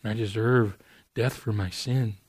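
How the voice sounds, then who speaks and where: A man preaching a sermon in a casual, earnest way, dropping "man" into his sentences and moving from hushed stretches to raised, emphatic ones. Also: lowish voice, fairly even intonation, measured pace, slightly rough, dry recording. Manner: conversational and earnest, with repeated "man"; swings from quiet intimate passages to raised emphatic ones. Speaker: pastor.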